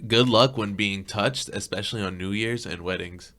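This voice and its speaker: Low-voiced man with a bright edge. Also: moderate pace. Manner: relaxed, reads items out, laid-back "dude" talk. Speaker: podcast co-host. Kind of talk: casual chat.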